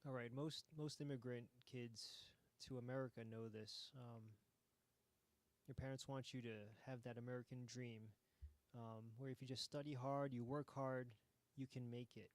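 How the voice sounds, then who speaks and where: A man hosting a game jam, giving relaxed, hesitant commentary with frequent ums while playing a game. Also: mid-range voice, moderate pace.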